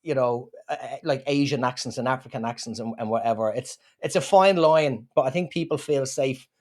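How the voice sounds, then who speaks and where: A man with an Irish accent, a comedian being interviewed, telling stories in a lively, joking way. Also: medium pitch, fairly quick. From Ireland. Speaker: guest comedian. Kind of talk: casual chat.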